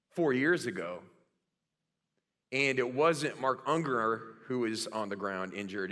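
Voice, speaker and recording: A middle-aged male pastor preaching a sermon, telling stories with animated, self-mocking humor. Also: medium pitch.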